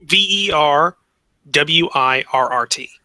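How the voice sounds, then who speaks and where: Man, game master, very bright tone, dry sound, casual talk, repeats himself. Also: on the high side, takes it slowly, no echo. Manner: repeats himself, restarts sentences. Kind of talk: casual tabletop game chat.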